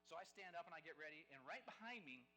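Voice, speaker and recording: A man giving a live storytelling speech as guest speaker at a game dinner, animated and conversational, acting out the lines of the people in his stories. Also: on the high side, fast talker, faint music behind, low-quality recording.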